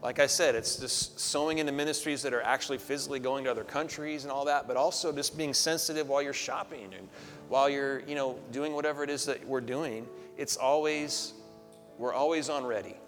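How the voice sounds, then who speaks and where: A man's voice: mid-range voice, steady tone, fairly quick, a bit bright. A man hosting a Christian ministry program, wrapping up with encouraging, loosely phrased preaching. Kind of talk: preaching wrap-up. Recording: long hall reverb with faint music.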